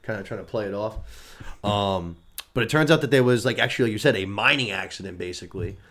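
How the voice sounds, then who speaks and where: A man's voice: lowish voice, fast, fairly bright tone. A man co-hosting a podcast, chatting casually about a series, swearing and acting out characters' lines. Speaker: podcast co-host. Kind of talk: casual review chat.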